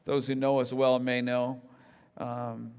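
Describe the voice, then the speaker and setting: A man's voice: medium pitch, flat delivery, slow pace, darkish tone, clean tone. A middle-aged man, a pastor, preaching a conversational sermon with humorous personal stories. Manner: storytelling, self-deprecating humor, conversational. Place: church sanctuary. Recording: large hall with long reverb.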